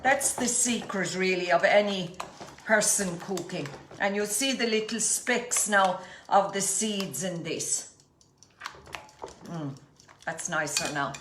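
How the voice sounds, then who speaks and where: A woman's voice: medium pitch, slow, a bit bright, slight background noise. A middle-aged Irish woman giving a homely, chatty cooking demonstration in her kitchen, often calling her viewers folks. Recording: echoey kitchen with faint clatter. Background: clinking dishes and cutlery.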